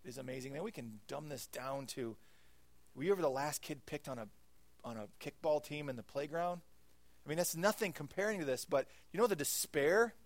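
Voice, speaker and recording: A man's voice: a little high, brisk, no echo. Earnest preacher man, dry sound. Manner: earnest, dramatic swings from hushed to emphatic. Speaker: pastor. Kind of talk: sermon.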